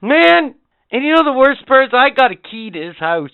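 A man's voice: very high-pitched, sing-song, moderate pace, gravelly, clean tone, no room sound. A man co-hosting a podcast, ranting with crude, profane comedy. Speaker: podcast co-host. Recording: dry, phone-like lo-fi sound.

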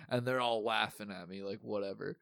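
A young man with a low voice recounts a wild night in loose, profane chat, jumping into the voices of the people in his story. The recording is dry and close, with no room sound. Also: fairly quick, vocal fry, clear, resonant tone, no echo. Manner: animated, swearing, acts out quotes.

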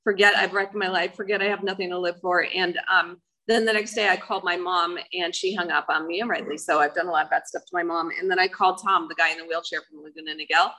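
A woman's voice: fairly low pitch, steady tone, fast talker, few pauses, pushed and bright, low-quality recording. A middle-aged woman giving a personal testimony talk, earnest and emotional, with many fillers. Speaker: speaker sharing her life story.

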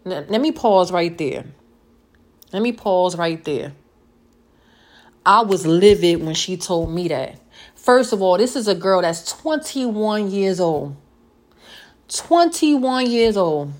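A woman's voice: lowish voice, lively intonation, slow. Chatty woman telling a story, repeating for emphasis. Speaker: vlogger telling a work story. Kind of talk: casual storytime monologue.

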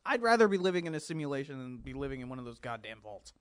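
A man's voice: medium pitch, big pitch swings, racing, clean tone. A young man co-hosting a casual chat about games, with wry, sarcastic remarks and casual swearing. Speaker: podcast co-host.

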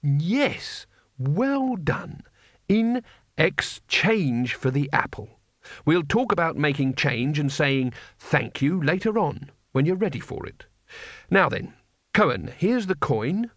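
A man's voice: fairly high pitch, sing-song, slow, a bit bright, no echo, studio quality, exaggerated voice. A man voicing a fussy, polite middle-aged schoolteacher who speaks patiently to unruly pupils in an audiobook.

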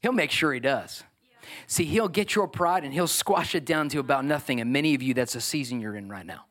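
A middle-aged man, preaching a sermon as pastor in an animated, joking way with asides to the congregation. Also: medium pitch, fairly quick.

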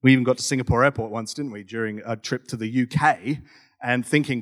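A middle-aged man preaching a sermon, reading scripture dramatically and telling stories in a lively, conversational way. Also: mid-range voice, brisk. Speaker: pastor.

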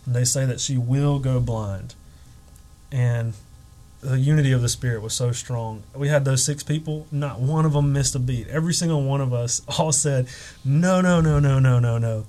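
A man telling a personal story as a guest on a podcast, animated, acting out the quotes with emotion. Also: medium pitch, moderate pace, poor audio.

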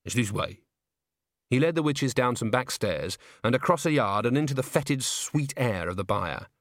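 A man narrating a comic fantasy novel in a wry, measured storytelling voice. His pitch is middle but rises and falls with lively expression. The recording is dry and close. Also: no echo. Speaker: audiobook narrator. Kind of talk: scripted narration.

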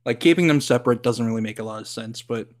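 A man's voice: medium pitch, fast talker. A man co-hosting a podcast, chatting casually with lots of fillers and laughter. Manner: rambling, lots of likes and ums, laughs often. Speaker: podcast co-host. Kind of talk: casual chat.

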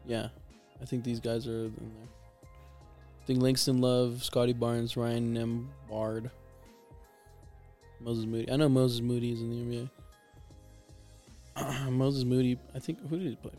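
A man's voice: medium pitch, level tone, measured pace, pauses often, dark tone. Brief: young male podcast co-host, crude and easygoing, mid-range voice, faint music underneath. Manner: laid-back, crude, laughs often. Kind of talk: casual podcast chat.

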